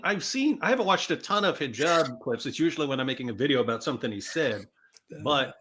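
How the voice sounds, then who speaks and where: A man chatting as a guest commentator, amused and halting, often chuckling. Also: medium pitch, animated, fairly bright tone. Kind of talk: casual commentary chat.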